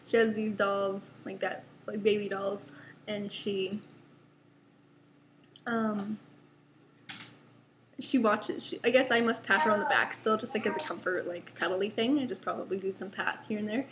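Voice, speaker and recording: A woman's voice: medium pitch, fairly even intonation, a little slow, pauses often, background noise. A young woman, a mother, chatting casually about her toddler in a rambling home vlog with many fillers. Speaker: vlogger, mother.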